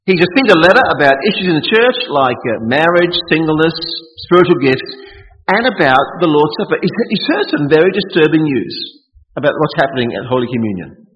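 A man's voice: on the high side, sing-song, a little fast. A man preaching a sermon in a church, joking and firing off rhetorical questions. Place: church hall. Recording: dull lo-fi audio with long hall reverb.

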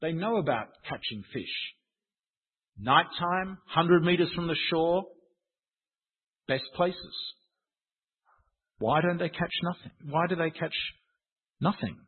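Husky preacher on a tinny line. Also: male voice, fairly high pitch, slow pace, long pauses. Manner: conversational, wry and self-deprecating. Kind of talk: sermon. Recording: tinny phone-like sound.

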